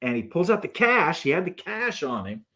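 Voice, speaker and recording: Male guest spinning a casual story, lively swooping pitch, acts out each person in it. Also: normal speed. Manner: animated storyteller who acts out the people in his stories. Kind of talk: casual anecdote telling.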